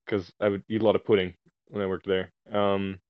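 A man's voice: sits low, little pitch movement, a little fast, clean tone, no room sound, phone-quality sound. A man casually telling a long story on a podcast, swearing and amused at himself, heard over a remote call. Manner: laid-back, swearing, self-amused storyteller.

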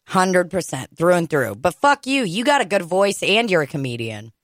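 A woman's voice: on the low side, very animated, normal speed, dry recording, studio quality. A woman co-hosting a casual comedy podcast, joking crudely and swearing often. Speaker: podcast co-host. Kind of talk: casual chat.

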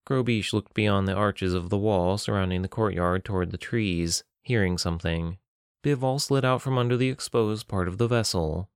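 A man narrating a novel in a measured, even storytelling voice on a close mic. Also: lowish voice, smooth, no room sound. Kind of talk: scripted audiobook narration.

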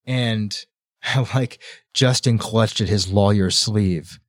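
A man co-hosting a casual book podcast, recapping the plot in an animated way and acting out the characters' lines. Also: on the low side, takes it slowly, no room sound, clean studio sound. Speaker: podcast co-host.

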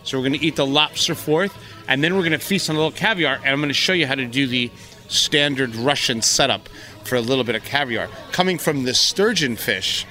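A man's voice: mid-range voice, brisk, pushed and bright, faint music behind. A man co-hosting a podcast, talking in a brash, profane, teasing way. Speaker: podcast co-host. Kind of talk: casual chat.

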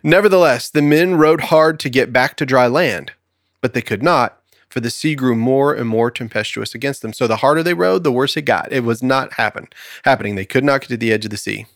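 Male co-host, lively Bible storyteller, dry close sound. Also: mid-range voice, a little fast, no echo. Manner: animated storyteller, acts out voices in quotes with laughs. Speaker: podcast co-host teaching scripture. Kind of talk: conversational Bible study, reading scripture aloud.

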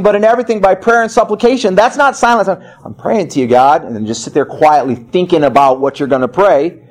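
Male pastor, high voice, preaching a sermon, loud emphatic cries, low quiet asides.

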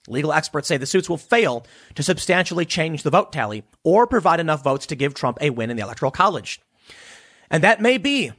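Animated sarcastic male political commentator. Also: on the high side, no echo, clean studio sound. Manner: animated, sarcastic, mocking voices of opponents.

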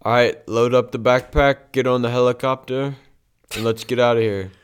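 A man's voice: mid-range voice, steady tone, normal speed, smooth. A young man co-hosting a podcast, acting out an improvised comedy skit with bossy, playful bro banter. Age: young adult. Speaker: podcast co-host.

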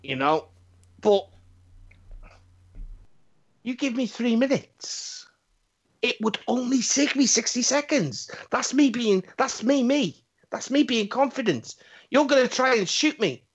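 A man chats on a podcast in a loose, rambling way, full of swearing and false starts. His pitch swings widely as he talks. The sound is dull and lo-fi. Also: lively intonation, takes it slowly, pauses often, breathy edge. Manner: rambling, swears, lots of restarts. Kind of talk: casual chat.

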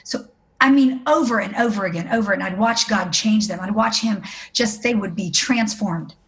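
A woman's voice: medium pitch, moderate pace, a bit bright. A middle-aged woman giving a personal testimony as an interview guest, telling her story earnestly and acting out the voices of the people in it.

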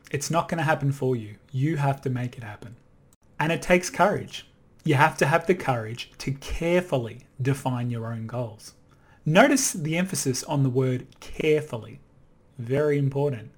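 A man's voice: medium pitch, breathy edge. A man, a career coach and podcast host, talking to camera in an emphatic, direct way full of rhetorical questions. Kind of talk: motivational solo talk to camera.

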